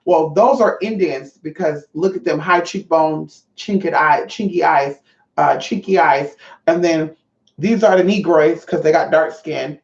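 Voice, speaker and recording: A woman's voice: sits low, unhurried, gravelly, darkish tone. A woman hosting a casual livestream, reading chat aloud, swearing freely and calling her viewers honey. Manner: brassy, profane, calls viewers honey. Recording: roomy, distant, dull lo-fi mic.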